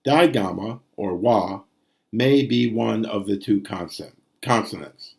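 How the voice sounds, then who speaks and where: A man's voice: fairly low pitch, a little slow, gravelly, a little mellow. A man teaching ancient Greek prosody in a recorded lesson, sounding out syllables and rhythms aloud.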